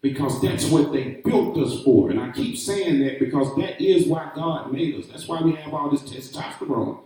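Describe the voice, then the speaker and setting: A man's voice: a little high, moderate pace, mellow, recorded from a distance. A man co-hosting a talk show, arguing in an emphatic, preachy, slangy way in a heated casual debate. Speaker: radio talk show co-host. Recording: echoey, off-mic room sound.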